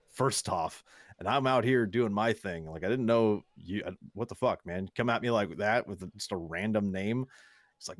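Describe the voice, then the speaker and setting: A man's voice: fairly low pitch, normal speed, no room sound, studio quality. A young man co-hosting a podcast, chatting casually, rambling through stories, swearing and laughing often. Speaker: podcast co-host. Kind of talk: casual chat.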